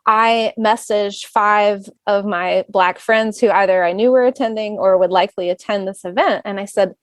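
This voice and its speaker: A woman who is a singer and bandleader, chatting as a guest in a relaxed, reflective way. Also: medium pitch, moderate pace, dry recording. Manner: chatty, reflective, speeds up when listing plans. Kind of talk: casual conversation.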